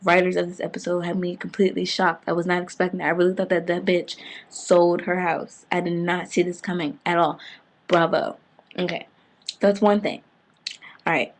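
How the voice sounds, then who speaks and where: A woman excitedly recapping a TV episode in casual slang, breaking into loud outbursts. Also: fairly low pitch. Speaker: TV fan reviewer.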